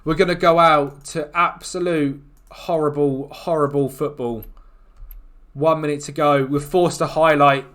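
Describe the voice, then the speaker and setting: Excitable man commentating a game. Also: a little high, unhurried. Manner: excitable, groans and shouts at the match. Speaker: gaming YouTuber. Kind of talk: football management game commentary.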